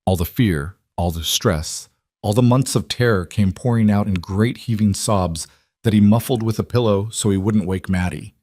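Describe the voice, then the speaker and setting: A man narrating a scripted drama story in a measured, even way. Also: fairly low pitch, no echo.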